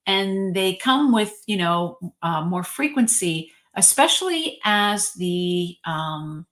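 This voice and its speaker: A woman with a lower voice gives a relaxed spiritual talk as a reverend. She retells an old religious story in a chatty, storytelling way, dotted with ums and likes. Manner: chatty and warm-hearted, frequent ums and likes, lively storytelling.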